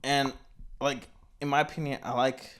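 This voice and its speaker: A man's voice: medium pitch, flat delivery, normal speed, very noisy. A young man co-hosting an album review show, rambling casually with constant "like" and "you know". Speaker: album review podcast co-host. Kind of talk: casual chat.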